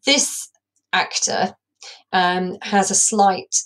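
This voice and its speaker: A woman's voice: medium pitch, steady tone, extremely slow, a bit bright, poor audio. A woman English teacher giving a recorded lesson, explaining a play and thinking aloud as she goes.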